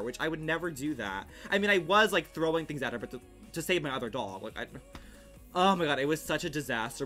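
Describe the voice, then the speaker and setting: Young man, livestream chat, bright tense voice, fillers and swearing, faint music behind. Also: fairly high pitch. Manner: rapid, animated, filler-heavy, swearing. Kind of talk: casual livestream storytelling. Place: at home.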